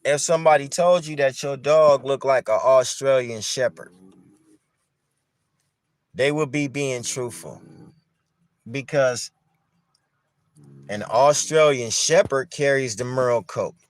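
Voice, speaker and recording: A man with a mid-range voice talks slowly to the camera, pausing often, in a dry recording. He's a dog breeder giving a casual monologue, chatting conversationally, posing rhetorical questions and going back over his points.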